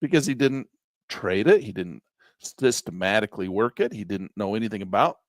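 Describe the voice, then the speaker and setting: A middle-aged man leads a live trading class in a blunt, folksy way. His pitch rises and falls a great deal as he hammers home his points with repetition. The sound is close and dry. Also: lively intonation, moderate pace, dry recording. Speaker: trading instructor.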